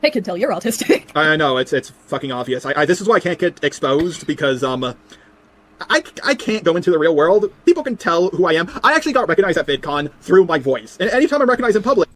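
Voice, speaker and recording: A young man on a call, talking quickly and haltingly with nervous restarts. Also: sits high, big pitch swings, a bit bright. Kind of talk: casual chat on a call.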